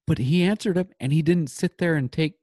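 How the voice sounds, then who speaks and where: A man co-hosting a podcast in casual chat, rambling with halting restarts. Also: on the high side, warm tone, dry recording, clean studio sound. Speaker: podcast co-host.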